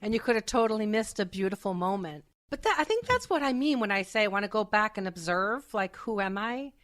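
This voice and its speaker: A woman in her forties, co-hosting a podcast. She speaks in a middle-pitched voice, earnest and thoughtful, as she reflects during a casual conversation. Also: sing-song, brisk, a bit bright, faint music behind. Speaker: podcast host. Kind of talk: casual interview chat.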